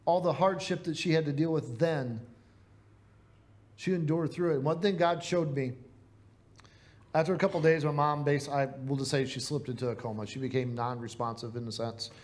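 A man's voice: on the high side, fairly even intonation, moderate pace, darkish tone. A man with a Midwestern American accent preaching a sermon in a church, earnest and conversational, asking the congregation rhetorical questions. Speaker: pastor.

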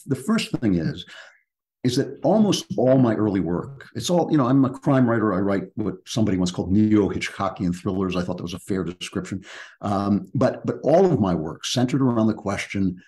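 Low-voiced man, reflective and emphatic. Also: lively intonation, normal speed, mellow. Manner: reflective, emphatic, with frequent restarts. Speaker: guest author. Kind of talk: podcast interview conversation.

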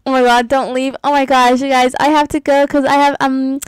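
A woman's voice: high voice, flat delivery, a little fast, clear, resonant tone, no echo, rough recording. A young woman chatting casually as she plays, gushing and giggling often as she comments on her game. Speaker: gaming YouTuber.

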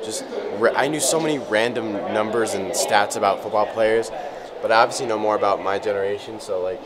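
A man vlogging with a handheld camera as he walks a museum hall, gushing with excitement. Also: fairly low pitch, fairly quick, a loud crowd. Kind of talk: casual vlog commentary. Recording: noisy background.

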